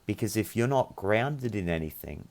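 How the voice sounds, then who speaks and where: A man's voice: lowish voice, lively intonation, normal speed, a little mellow. A young man giving an earnest, meandering spiritual tarot reading, speaking encouragingly to his viewers. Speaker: tarot reader.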